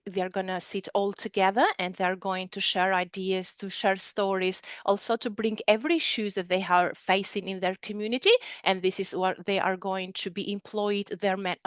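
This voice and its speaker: A woman from a local council answering on a webinar panel in an earnest way, often pausing to search for words. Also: medium pitch, smooth, dry recording. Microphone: video call.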